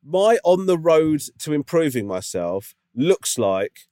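Chatty male podcast co-host, rambling storyteller, lively, dry close mic. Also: on the high side, slow, dry recording. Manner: rambling storyteller, lots of "do you know what I mean". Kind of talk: casual chat.

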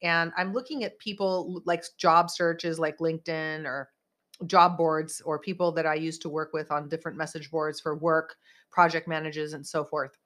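A woman's voice: low voice, level tone, normal speed, fairly bright tone. A woman hosting a podcast in casual chat, rambling and emphatic as she vents. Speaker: podcast host.

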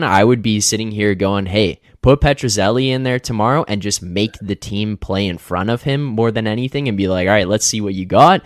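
A fairly low-voiced man co-hosts a sports betting show in relaxed chat. He talks conversationally and keeps passing questions to his co-hosts. The sound is dry and close, with no room around it. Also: no room sound.

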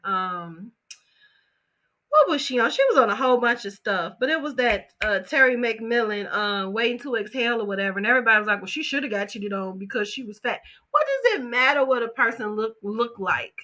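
A woman chatting casually about celebrity gossip, animated and opinionated, with slang and quick asides. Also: a little high.

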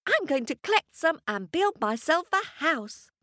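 A woman voicing an eager young piglet from a storybook in a squeaky, excited voice. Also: unhurried, no echo, studio quality, exaggerated voice.

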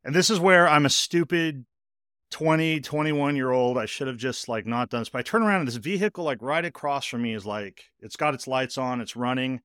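A man hosting a podcast, telling a personal story in a casual, animated way, speeding up in bursts and saying "like" a lot. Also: mid-range voice, brisk, clear, resonant tone, no echo, clean studio sound. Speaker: podcast host.

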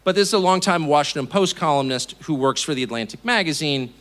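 Man, middle-aged, from the US, public speech, sardonic, emphatic, very animated pitch, bright edge. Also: quick pace. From United States. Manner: sardonic, mocking asides. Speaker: television host giving a speech. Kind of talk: public speech to a live audience. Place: event hall before an audience.

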